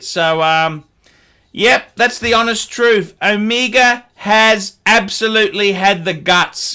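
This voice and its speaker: A man's voice: high-pitched, pushed and bright, smooth. A middle-aged man with an Australian accent, ranting in a commentary vlog, sardonic and scornful, repeating his catchphrases. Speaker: watch dealer.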